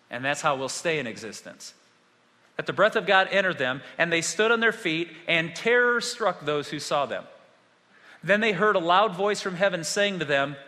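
A man delivering a sermon with a high, bright, ringing voice. He preaches animatedly, dropping to hushed tones and then rising to loud outbursts. A long reverb trails after his words in a large hall. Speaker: pastor.

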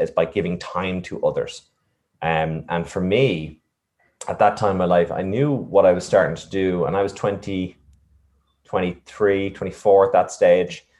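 A man reflectively telling a personal story, with many fillers and restarts. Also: low voice. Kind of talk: casual storytelling.

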